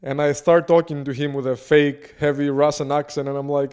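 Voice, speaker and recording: Guest, young man, animated casual storyteller. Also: a little high, fairly quick, smooth. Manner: animated, swearing freely.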